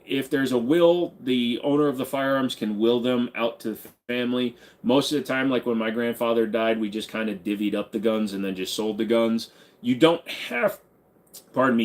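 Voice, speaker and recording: A man hosting a casual livestream, reading viewer questions aloud and answering them in a relaxed, rambling, joking way. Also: medium pitch. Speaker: livestream host answering chat.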